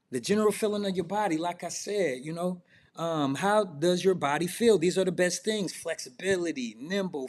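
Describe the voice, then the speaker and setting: Casual coaching man, higher voice. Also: darkish tone. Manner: loose, conversational, asks rapid questions. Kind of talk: casual self-improvement talk.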